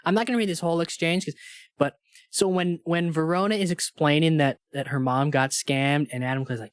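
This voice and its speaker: A man's voice: on the high side, fairly quick, smooth, dry recording, clean studio sound. A man co-hosting a podcast, chatting casually and reading movie quotes aloud with relish, laughing often. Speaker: podcast co-host.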